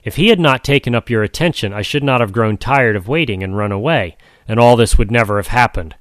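A man's voice: mid-range voice, animated, brisk, fairly bright tone, no room sound, studio quality, close to an everyday voice. A man voicing a proud, demanding male crab in a storybook reading, who bargains and insists. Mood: bargaining.

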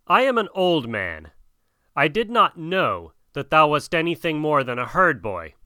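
A man voicing a frightened old village hunter who pleads in a husky, fawning tone. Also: on the high side, very animated, measured pace, bright, forceful tone, no room sound, clean studio sound, full character voice. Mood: pleading.

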